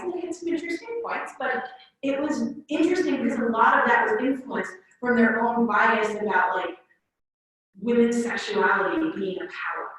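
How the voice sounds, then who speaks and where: A high-pitched woman with a bright, sharp tone gives a lively conference presentation as a Latin teacher. She talks in an animated way and slips into playful quoted voices. The sound is very echoey, recorded from well off the mic. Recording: echoey room, far from the mic.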